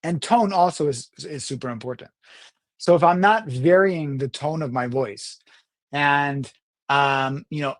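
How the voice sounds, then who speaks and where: A middle-aged man giving a talk on public speaking and communication, with an animated delivery that swings in pitch and loudness. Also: measured pace. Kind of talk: talk to camera on communication skills.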